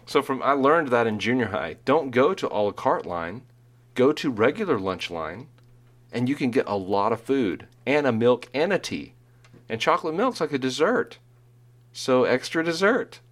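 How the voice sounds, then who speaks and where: A man's voice: medium pitch, big pitch swings, normal speed. A middle-aged man telling rambling school stories in casual chat, laughing at his own jokes.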